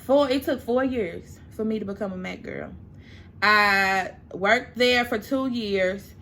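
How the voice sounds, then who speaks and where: Chatty, emotional young woman, bright voice. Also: mid-range voice, slow pace, slight background noise. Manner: chatty, emotional, tearing up at times. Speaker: makeup vlogger. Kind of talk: casual storytime chat while doing makeup.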